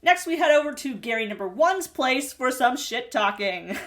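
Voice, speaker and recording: A woman's voice: high voice, expressive, normal speed, fairly bright tone. A woman hosting a reality TV recap in a casual commentary style, snarky and chatty, laughing often between remarks.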